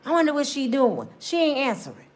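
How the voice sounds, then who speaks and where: A woman delivering a comedic monologue, acting out little scenes and swinging between loud bursts and hushed asides. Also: sits high, very animated, fairly quick. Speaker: comedic talk show host.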